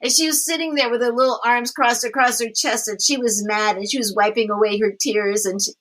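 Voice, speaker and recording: A middle-aged woman, a parenting coach, telling a story in a casual interview, animated and often laughing. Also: fairly high pitch, brisk, poor audio.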